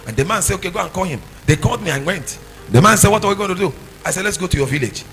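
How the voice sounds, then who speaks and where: A young man preaching, telling a testimony and building from quiet talk to sung, shouted phrases. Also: high voice, expressive, very fast, creaky, faint music behind, poor audio. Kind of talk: sermon testimony.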